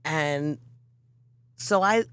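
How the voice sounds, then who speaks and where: Animated woman telling stories. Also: low-pitched, extremely slow, clear, resonant tone. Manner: animated, acts out quotes in voices, swears freely. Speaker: songwriter guest. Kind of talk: casual storytelling chat.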